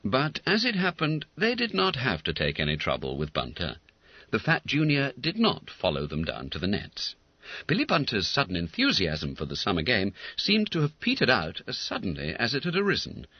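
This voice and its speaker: Animated male audiobook narrator. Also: mid-range voice, normal speed, dry recording. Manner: animated, comic storytelling. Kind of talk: scripted narration. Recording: dull lo-fi recording.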